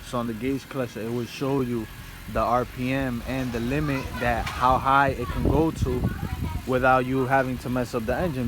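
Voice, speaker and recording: Young man, car vlogger, casual rambling talk, mid pitch, noisy outdoor recording. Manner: rambling, filler-heavy, keeps saying "and yeah". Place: outdoors at home, yard and car.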